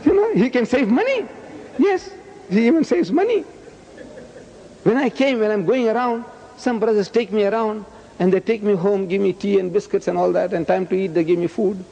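Booming older man lecturing in a hall. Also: normal speed, gravelly. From South Africa. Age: 70s. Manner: loud, emphatic, booming. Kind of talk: public lecture. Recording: dull lo-fi recording with long hall reverb.

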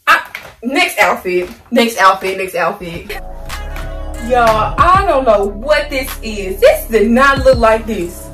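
Slangy young woman vlogging in a roomy space. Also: on the high side. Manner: playful, slangy, talks to viewers as y'all. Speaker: haul vlogger. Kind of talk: casual clothing haul chat. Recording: roomy sound, mic at a distance, soft music.

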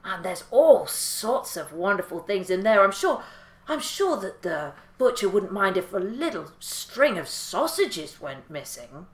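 A woman's voice: mid-range voice, sing-song, unhurried. Storybook collie dog, male, chatty and confiding; a woman voices him. Roomy echo. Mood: scheming.

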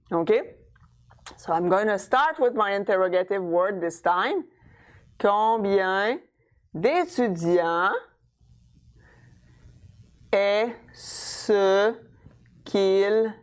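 A woman teaching French grammar in English, patiently checking understanding and sounding out French words slowly. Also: medium pitch. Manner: switches between French and English, says words slowly to model them. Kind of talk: explaining a language lesson.

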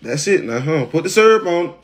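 Guy joking around w family on his vlog, kinda high voice, drawly slang. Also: very animated, fairly quick. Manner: teasing, drawling Southern slang. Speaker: vlog host, family member. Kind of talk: casual family banter on camera.

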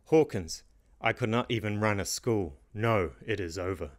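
A man voicing a defeated, sorrowful old male wizard who speaks quietly, almost in a whisper. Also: fairly low pitch, normal speed, dry recording, studio quality, natural voice. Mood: sad.

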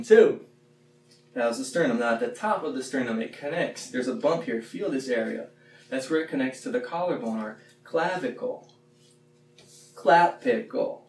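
A man leading a playful classroom warm-up, chanting the words slowly and loudly. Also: medium pitch. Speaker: teacher leading a movement warm-up. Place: x-ray room. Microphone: phone camera from a distance. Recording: echoey room, mic far off, faint hum.

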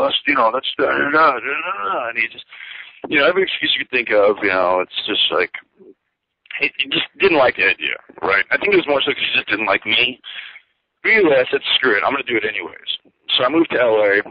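A man's voice: lowish voice, no echo. A former pro wrestler, a man, giving a candid, rambling account of his career as an interview guest. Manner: rambling, many fillers and asides. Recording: dull dry lo-fi audio.

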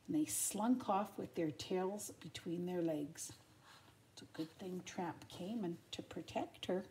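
An older grandmother reading a children's storybook aloud in a gentle, expressive way, adding little asides for her listeners. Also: lowish voice, a little slow.

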